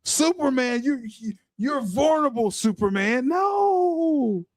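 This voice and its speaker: Animated high-voiced man laughing through commentary. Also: slow, no echo, clean studio sound. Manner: laughs often, animated and mocking. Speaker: podcast host. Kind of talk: reaction commentary on a clip.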